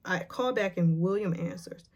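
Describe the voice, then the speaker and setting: A woman vlogger retelling a painful memory, emotional and nervous, with halting speech full of fillers and restarts. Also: on the low side, a little mellow. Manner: retells scenes by acting out the quotes. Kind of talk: personal storytelling to camera.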